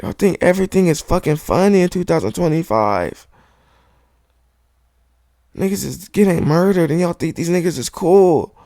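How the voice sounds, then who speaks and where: Speaking into a studio microphone, a male podcast host launches into a heated, profane monologue, hammering the same point again and again. His voice is fairly high with lively intonation and a dark tone, moving at normal speed with frequent pauses, recorded clean in studio quality with no echo.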